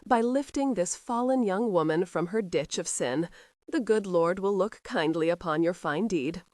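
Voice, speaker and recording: A woman's voice: fairly low pitch, moderate pace, darkish tone, no room sound, clean studio sound, lightly acted. A woman voicing a pompous, sanctimonious old male vicar who preaches self-righteously. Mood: pious.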